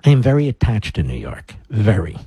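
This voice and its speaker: A man's voice: lowish voice, sing-song, fairly quick, mellow, slightly rough, no room sound. A middle-aged man hosting a talk radio show, reading news stories aloud and breaking off into sarcastic, combative rants.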